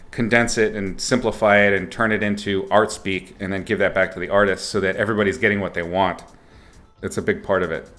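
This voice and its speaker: A man's voice: fairly low pitch, fairly bright tone. A man teaching art on a livestream in a casual, playful way, joking and swearing as he rambles. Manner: rambling, with fillers and restarts. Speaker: art instructor streaming.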